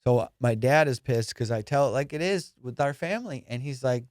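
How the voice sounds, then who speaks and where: A man's voice: mid-range voice, a little fast, no room sound, clean studio sound. A young adult man hosting a podcast, telling comedic stories in a casual, profane way and acting out both sides of conversations. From immigrant, raised abroad. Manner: profane, animated, acts out both sides of dialogues. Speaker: podcast host.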